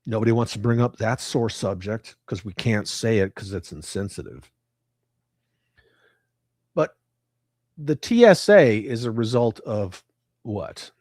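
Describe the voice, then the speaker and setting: A man's voice: lowish voice, a little mellow, no echo, clean studio sound. Ranting, profane streamer man. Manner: profane, ranting, reads chat aloud. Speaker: livestream host. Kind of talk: casual livestream chat.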